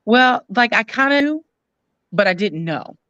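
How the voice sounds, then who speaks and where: Bright-voiced woman telling her story. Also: on the high side, expressive, no echo, lo-fi sound. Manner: earnest, frank, many "um" pauses. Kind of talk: candid personal storytelling.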